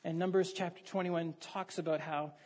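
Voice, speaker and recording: Preacher, husky tone, relaxed conversational sermon, reads scripture and quizzes the room. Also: mid-range voice, normal speed. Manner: conversational, asks the listeners questions and reads scripture aloud. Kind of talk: sermon with Bible reading.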